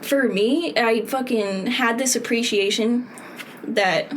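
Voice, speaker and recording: A woman's voice: on the high side, slow pace, slight background noise. A young woman from Southern California co-hosting a podcast, giggly and profane in casual chat. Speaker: podcast co-host.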